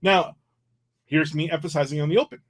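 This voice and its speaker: A man explaining flute technique in a relaxed livestream lesson, often restarting and filling pauses. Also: fairly high pitch, over loud music. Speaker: flute teacher.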